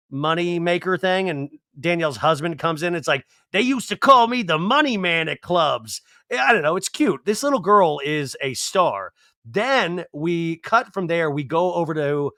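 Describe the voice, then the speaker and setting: A man hosting a podcast, giving an animated, digressive, jokey recap of a reality show. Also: on the high side, no echo, clean studio sound. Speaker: podcast host. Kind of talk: casual comedic TV recap.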